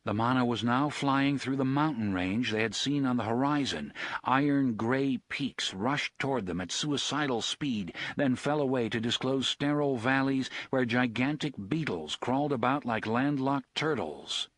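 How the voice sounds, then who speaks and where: A man narrating an audiobook in a steady, expressive reading voice. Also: mid-range voice, moderate pace, no echo, clean studio sound.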